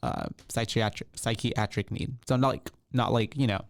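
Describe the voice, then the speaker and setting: A man's voice: medium pitch, moderate pace, creaky, no echo. A man co-hosting a casual podcast chat, rambling with many ums and restarts. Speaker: podcast co-host.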